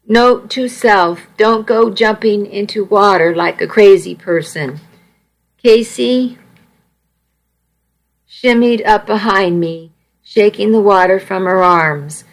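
A woman's voice: mid-range voice, slow, poor audio. A woman reading a first-person story aloud, wry and self-mocking in her delivery. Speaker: audiobook narrator.

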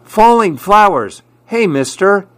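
Man doing a little boy, storybook, eager, calling out, raised pitch, loud. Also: big pitch swings, slow pace, no echo, exaggerated voice. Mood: excited. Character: excited little boy in the park.

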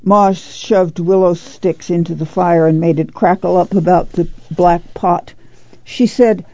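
Woman narrator for an audiobook, calm and steady, dark mellow tone. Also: on the low side, measured pace, dry recording, highs cut off. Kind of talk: scripted narration.

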